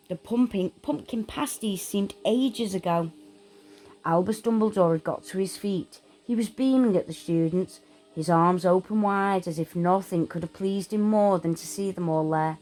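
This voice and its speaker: A woman reading a children's fantasy storybook aloud, in a steady, expressive way. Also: lowish voice, low-quality recording.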